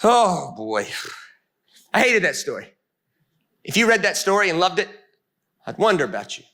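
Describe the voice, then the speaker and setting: A male pastor telling a Bible story in a lively, comic sermon before an audience. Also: high-pitched, normal speed. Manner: animated, comic, punchy. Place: meeting room before an audience.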